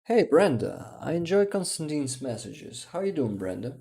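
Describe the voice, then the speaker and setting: A tired man hosting a casual livestream and reading out viewer comments in a hesitant, halting way, often restarting and chuckling softly. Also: on the high side, big pitch swings, gravelly. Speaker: livestream host.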